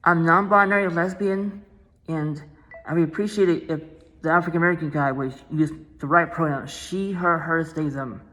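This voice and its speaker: A woman's voice: low-pitched, steady tone, moderate pace, fairly bright tone, big-room sound, soft background music, rough recording. A woman vlogger talking casually to the camera, repeating herself and restarting phrases, insistent and aggrieved.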